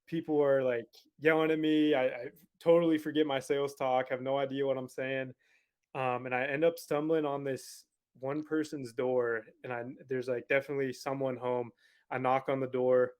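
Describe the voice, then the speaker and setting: A young man who is a podcast guest, telling a story in a casual, animated, profane way. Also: mid-range voice, moderate pace, smooth.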